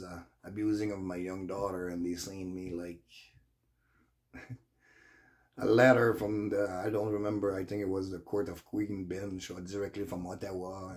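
A man's voice: deep voice, darkish tone. A man from Quebec with a Quebec French accent, a native French speaker, ranting casually to camera in loose grammar, swearing freely and rambling. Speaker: vlogger.

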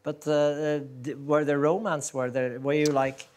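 A man hosting a talk show in a studio, asking questions in halting bits and often repeating words. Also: on the high side, little pitch movement, darkish tone, clear, resonant tone. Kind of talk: casual interview questions. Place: television studio.

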